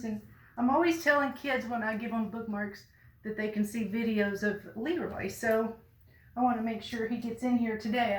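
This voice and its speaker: A woman, telling a personal story to the camera in a folksy, earnest way with bursts of loud emphasis. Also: fairly high pitch, reverberant, low-quality recording. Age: 50s. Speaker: vlogger.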